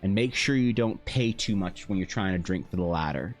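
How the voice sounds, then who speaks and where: A man doing a big old whiskey guide, slow and solemn. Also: low voice, lively intonation, soft background music.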